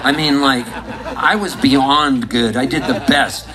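A man performing live, telling a rambling, deadpan story to an audience and breaking into laughs now and then. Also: medium pitch, measured pace, rough recording. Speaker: musician and comedian on stage. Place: stage at a live show. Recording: live recording with loud crowd. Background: audience laughing, guitar.

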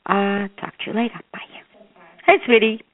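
A woman's voice: medium pitch, steady tone, normal speed. An older woman leaving chatty, rambling, affectionate voicemail messages for her grown child. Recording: phone-line voicemail.

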